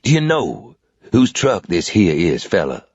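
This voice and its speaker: A man voicing a gruff old Southern American man in his sixties, with a cool, calm drawl and lots of swearing. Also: fairly low pitch, unhurried, no echo, dull audio, full character voice. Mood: menacing. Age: 60s.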